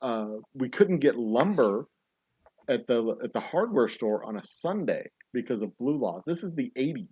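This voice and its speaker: A man's voice: medium pitch, moderate pace, breathy edge, dry recording, muffled recording. A man hosting a podcast, chatting casually, telling stories animatedly and laughing often. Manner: animated storyteller, laughs a lot, acts out scenes. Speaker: podcast host. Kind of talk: casual chat.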